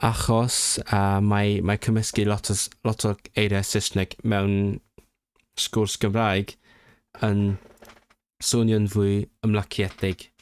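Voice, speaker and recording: A man learning a language, reading exam text aloud and thinking through answers, halting and correcting himself as he goes. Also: lowish voice, level tone, clear, resonant tone, no room sound. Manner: halting and self-correcting, sounding out words, bursts of surprised laughter. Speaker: language learner streaming his study.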